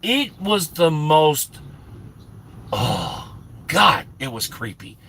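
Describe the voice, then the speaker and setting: A man's voice: on the high side, big pitch swings, extremely slow, gravelly, sharp tone, slightly rough. A man hosting his own channel, telling an exasperated, rambling comic story and often restarting his sentences. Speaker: channel host.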